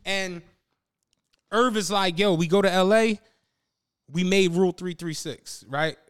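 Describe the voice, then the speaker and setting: Unhurried and clean-toned, a high male voice belongs to a podcast host spinning a story in casual conversation, performing the quoted lines and swearing heavily in slang.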